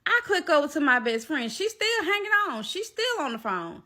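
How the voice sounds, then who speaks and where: A woman telling a personal story to her viewers, animated and emphatic. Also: high-pitched, normal speed. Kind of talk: storytime vlog.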